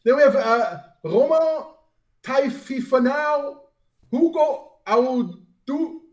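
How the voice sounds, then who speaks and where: A man's voice: very high-pitched, lively intonation, takes it slowly, a little mellow, roomy sound, far from the mic. A man co-hosting a rugby podcast in casual chat, self-deprecating and stumbling over names. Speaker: podcast co-host.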